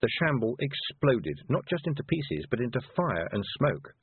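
Husky, lively male storybook narrator. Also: mid-range voice, moderate pace, dry recording. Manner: lively, expressive reading with voiced characters. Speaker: audiobook narrator. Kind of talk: storybook reading. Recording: dry, tinny phone-like sound.

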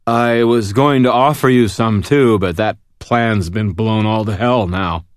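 A man's voice: lowish voice, unhurried, clear, resonant tone, no room sound, clean studio sound, pitched above the performer's own voice, natural voice. A man voicing a drunk, cheerful young man with slurred, sing-song speech. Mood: drunken cheer.

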